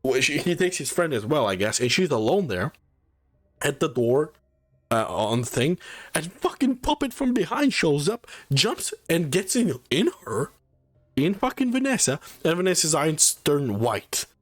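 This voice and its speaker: A man's voice: a little high, big pitch swings, unhurried. A man giving a casual spoiler review of a movie, swearing often and sounding incredulous as he rambles.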